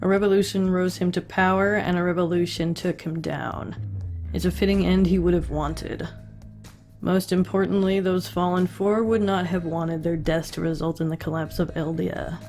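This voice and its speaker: A woman voicing an old male military commander, reading his lines in a measured, low, quiet way. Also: fairly even intonation, faint music behind, natural voice. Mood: grave.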